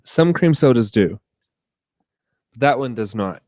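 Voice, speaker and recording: Casting: male podcast co-host, easygoing, halting, mid-pitched, dry close mic. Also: animated, darkish tone, no echo. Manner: easygoing, hesitant with fillers. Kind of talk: casual podcast banter.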